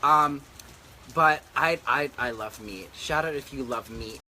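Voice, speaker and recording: A man's voice: mid-range voice, measured pace, background noise. A man, a drag queen hosting a casual chat on a back deck, talking in a sassy, campy and profane way into a handheld camera. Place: outdoor back deck in humid rainy weather.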